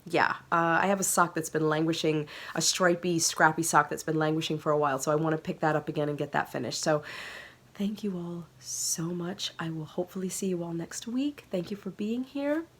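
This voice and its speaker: A woman hosting a knitting podcast, talking casually to the camera with earnest warmth, many ums and soft laughs, and growing emotional. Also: low voice, a little fast.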